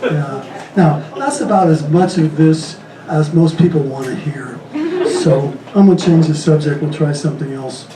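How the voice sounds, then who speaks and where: A man doing stand-up comedy, rattling off deadpan jokes and chuckling at his own punchlines on a comedy club stage. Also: a little high, normal speed, a crowd in the background. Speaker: stand-up comic. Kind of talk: stand-up joke telling. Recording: echoey club, distant mic, faint room noise.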